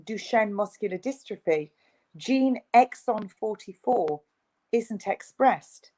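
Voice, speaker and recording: A woman's voice: medium pitch, animated, takes it slowly, dark tone, rough recording. A woman, a guest in an interview, speaking in an emphatic, insistent, ranting way. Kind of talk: video interview.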